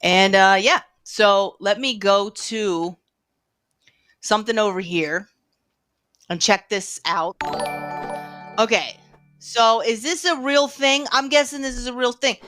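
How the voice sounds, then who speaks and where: A woman's voice: medium pitch, slow, long pauses, fairly bright tone, faint music behind. A woman talking casually on her live stream, hesitant and rambling. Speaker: livestreamer.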